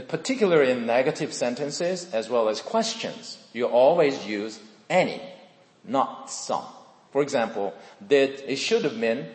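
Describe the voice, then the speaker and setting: A middle-aged man with a Korean accent, preaching a sermon as pastor in a friendly, chatty way with self-deprecating asides. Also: mid-range voice. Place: church sanctuary. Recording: echoey hall with long reverb.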